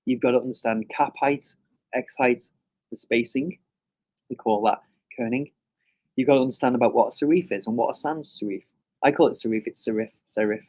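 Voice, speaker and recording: A middle-aged man giving a conversational classroom lecture, often checking in with "okay?" and pausing on "um". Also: medium pitch, darkish tone.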